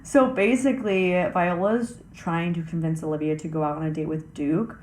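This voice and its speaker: Excited woman recapping a movie, echoey room. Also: fairly low pitch. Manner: excited, quick retelling with acted quotes. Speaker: podcast co-host. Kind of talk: casual movie recap chat. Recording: echoey room with faint hiss.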